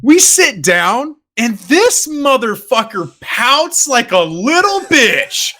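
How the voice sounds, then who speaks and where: A young man with an East Coast accent tells stories on a podcast in a high, swooping voice. He is bright and forceful, swears freely and laughs through his lines. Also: slow pace. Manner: animated, profane, laughing often. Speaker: podcast co-host. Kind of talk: casual storytelling chat.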